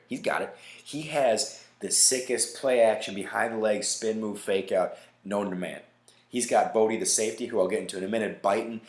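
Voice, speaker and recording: A deep-voiced man in his thirties hosts his own podcast, talking in an emphatic, profane rant. He keeps checking in with "right?" and "all right?". The recording has a noticeable roomy echo. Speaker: podcast host. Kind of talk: casual solo podcast rant. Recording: echoey room.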